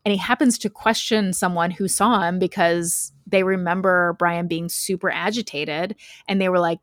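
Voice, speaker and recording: A woman podcast host with a lowish, steady voice talks at normal speed with few pauses, casually recounting a true crime story. She's chatty, laughs often, and leans heavily on "like" as a filler.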